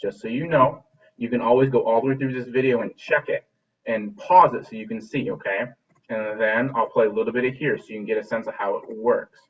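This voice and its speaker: Teaching a remote music class by video call, a man encourages his students and often repeats or restarts phrases. His husky, medium-pitched voice is brisk and fairly even in intonation. The laptop mic captures him as distant, dull call audio.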